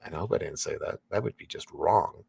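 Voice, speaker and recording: Brief: male livestream host, low gravelly voice, chatty and rambling, dry close sound. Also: a little fast, darkish tone, no room sound. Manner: rambling, laughing, many fillers and restarts. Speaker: livestream host reading chat. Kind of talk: casual livestream chat.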